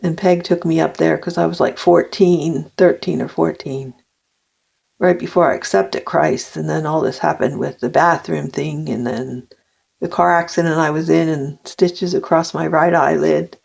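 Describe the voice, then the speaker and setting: A woman's voice: low voice, fairly even intonation, moderate pace, creaky, darkish tone, slightly rough. An older woman talking straight to camera in a personal vlog, rambling and heartfelt, with frequent restarts. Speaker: vlogger. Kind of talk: personal confessional monologue. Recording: dull lo-fi recording.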